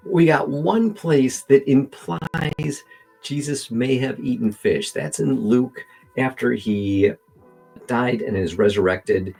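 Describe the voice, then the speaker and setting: A man giving casual reaction commentary on a video, animated and argumentative, talking to himself as he edits at his desk mic. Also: medium pitch, slow, vocal fry, slightly rough, soft background music. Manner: animated, argumentative, talks to himself while editing.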